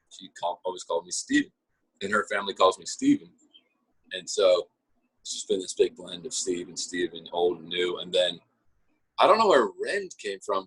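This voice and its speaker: A young man, a pro baseball pitcher, chatting as a guest in a relaxed, rambling way full of fillers. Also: slightly rough. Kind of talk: casual interview chat.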